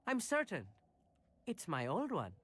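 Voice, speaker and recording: A man's voice: high-pitched, wildly swooping pitch, a little slow, a bit bright, husky, dry recording, full character voice. A man voicing an eager, boastful young male student who loves astronomy, in a video game.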